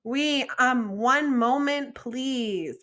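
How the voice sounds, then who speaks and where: A young adult woman teaching French vocabulary in a patient, encouraging lesson, modeling pronunciation slowly and asking learners to repeat. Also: high-pitched, bright, forceful tone. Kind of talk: slow, deliberate vocabulary lesson with repeat-after-me drills.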